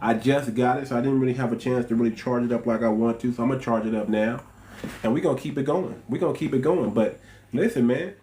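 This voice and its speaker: Emphatic man with a dark voice. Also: medium pitch, fast talker, a little hiss or hum, poor audio. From United States. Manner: emphatic, repeats phrases, talks straight to chat. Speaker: livestream commentator. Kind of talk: livestream political commentary. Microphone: small cheap wireless clip mic.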